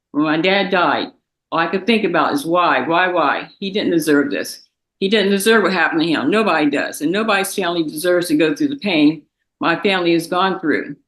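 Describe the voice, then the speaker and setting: A young woman, a victim's daughter, reading a victim impact statement in a courtroom, halting and tearful. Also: low-pitched, fairly bright tone, echoey room, low-quality recording. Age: young adult.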